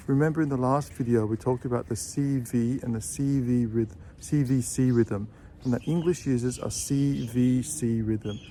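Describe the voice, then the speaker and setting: A man teaching English pronunciation in a video lesson, patiently repeating example phrases slowly. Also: medium pitch, warm tone. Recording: faint background noise with birdsong.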